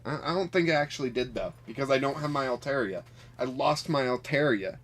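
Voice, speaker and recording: A man giving live gameplay commentary on a card game, talking to his opponent with exasperated outbursts and quiet muttered counting. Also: mid-range voice, fairly quick. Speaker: card game player and streamer.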